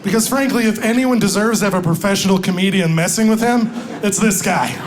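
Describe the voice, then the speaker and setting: Guy doing standup onstage, kinda high voice, deadpan storytelling, live mic, crowd laughing. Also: fairly quick. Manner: deadpan storytelling, reading out texts in other voices. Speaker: stand-up comedian. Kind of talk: stand-up comedy set. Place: comedy club stage with live audience. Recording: live club recording with audience laughter and noise.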